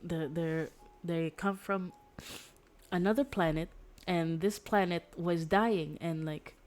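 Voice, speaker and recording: Rambling woman streamer with a low voice. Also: slow, a little mellow. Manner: rambling, filler-heavy, self-correcting. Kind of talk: casual chat retelling a story.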